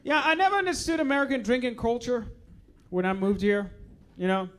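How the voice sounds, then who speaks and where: A young man from Uganda, speaking, performs stand-up in a comedy club. His voice sits fairly high, and he is chatty and playful, slipping into low asides. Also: sing-song, brisk, smooth.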